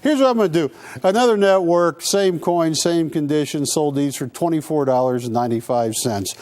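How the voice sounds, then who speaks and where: A man hosting a live coin shopping broadcast, pitching coins with playful, joking salesman banter. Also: normal speed, darkish tone. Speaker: coin sales show host.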